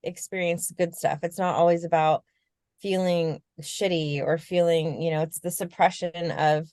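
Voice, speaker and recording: Low-ish voiced woman podcast cohost, reflective, swears + laughs a lot, dry close sound. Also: a little mellow, dry recording. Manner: candid, reflective, swears casually, laughs often. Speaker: podcast co-host. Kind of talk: casual podcast chat.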